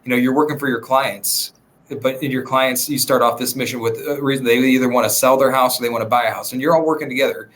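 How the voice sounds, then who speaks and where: A man who works as a real estate agent, a podcast guest chatting in a relaxed, rambling way with many fillers. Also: mid-range voice, quick pace, a little hiss or hum. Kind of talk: casual podcast conversation.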